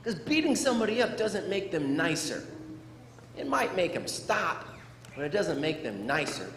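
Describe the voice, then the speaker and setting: Animated male speaker in an echoey hall. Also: fairly high pitch, moderate pace. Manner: animated, playful, acts out sound effects. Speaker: motivational speaker. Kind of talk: storytelling speech to students. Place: large school hall. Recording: echoey hall with faint room noise.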